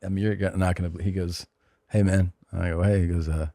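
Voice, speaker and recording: A man's voice: deep voice, fairly even intonation, fast talker, dark tone, no room sound. A male podcast host in casual chat, telling stories in a laid-back, dry way.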